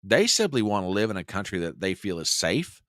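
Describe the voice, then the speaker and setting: A man's voice: deep voice, sing-song, brisk, fairly bright tone, no room sound, studio quality. An American man hosting a political commentary live stream, reading news aloud and reacting with indignation. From United States. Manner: indignant, reads news aloud and mocks quotes. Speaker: host.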